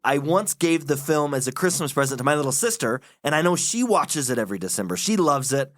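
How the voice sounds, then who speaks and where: A man hosts a film podcast in a fairly high, very lively voice that swings up and down. His delivery is playful and jokey, and the sound is dry and close. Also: fairly quick, no room sound. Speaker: podcast host. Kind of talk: casual film discussion.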